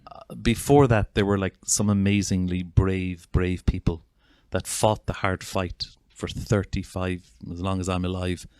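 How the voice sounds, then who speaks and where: A man's voice: low-pitched, little pitch movement, measured pace, few pauses, a little mellow, no room sound. An Irish man, a psychotherapist, giving an earnest, heartfelt talk to an audience, with frequent restarts. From Ireland. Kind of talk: informal talk to an audience introducing a video.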